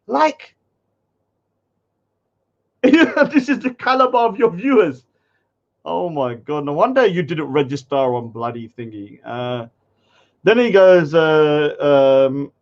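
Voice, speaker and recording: A man's voice: a little high, expressive, measured pace. A man commenting scornfully on a livestream, mocking comments. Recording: dull lo-fi stream audio.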